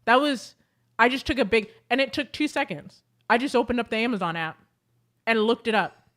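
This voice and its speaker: A young adult woman chatting casually to camera as a beauty vlogger, telling animated stories with lots of fillers. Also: a little high, brisk.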